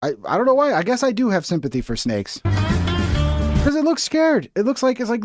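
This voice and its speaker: A man's voice: very high-pitched, huge pitch swings, normal speed, faint music behind. A man streaming a reaction to a video, talking casually with a profane, exasperated and rambling manner.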